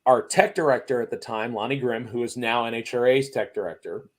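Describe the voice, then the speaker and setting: With a brisk, mid-range voice, a man who is a racing series guest rambles through a long restaurant story in casual conversation. He tells it animatedly, acting out the quotes.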